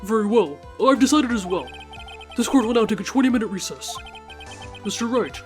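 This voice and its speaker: A woman's voice: on the high side, animated, a little fast, faint music behind, close to an everyday voice. A woman voicing a formal, firm older male judge in a courtroom game.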